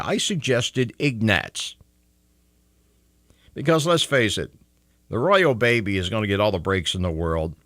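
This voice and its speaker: A man's voice: lowish voice, a bit bright, no echo. A man hosting a talk radio show, talking in a wisecracking, sarcastic monologue from a radio studio. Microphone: studio microphone.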